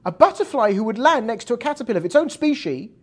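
A man's voice: very high-pitched, big pitch swings, fast. A man teaching a Torah class in an explanatory classroom style, checking in with his students as he goes. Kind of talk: classroom lecture.

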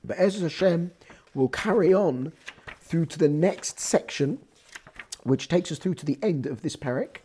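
A man with a croaky voice teaching a scripture class, swinging from low explanation to loud exhortation. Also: expressive, moderate pace. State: hoarse, croaky voice. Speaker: Torah teacher. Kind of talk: lecturing on scripture.

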